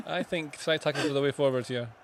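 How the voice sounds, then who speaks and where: A man with a voice sitting a touch higher than most, bantering casually on a live football watchalong. His humour is dry and deadpan, delivered with a straight face. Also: normal speed, slight background noise. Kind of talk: casual banter over a match stream.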